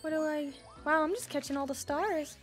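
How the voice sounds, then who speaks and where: A woman's voice: high-pitched, normal speed, soft background music. A young woman giving playful let's-play commentary, bubbly and jokey, squealing and gasping at cute moments. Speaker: gaming video creator.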